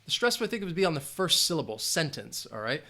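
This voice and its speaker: A man teaching English in a live-stream Q&A, lively and emphatic, repeating key phrases. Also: on the high side, fast.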